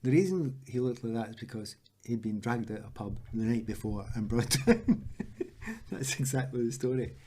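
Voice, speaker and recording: A Scottish man in his sixties, a former footballer, telling lively anecdotes in an interview and acting out the voices of the people he quotes. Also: mid-range voice, fairly quick, few pauses. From Scotland.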